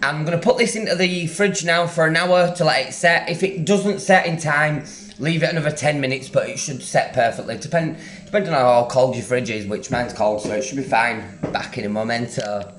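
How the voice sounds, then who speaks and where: A man's voice: on the high side, steady tone, a little fast, a bit bright, echoey room, a little hiss or hum. A man chatting casually through a home cooking vlog, rambling and enthusiastic about food. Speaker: home cook. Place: home kitchen.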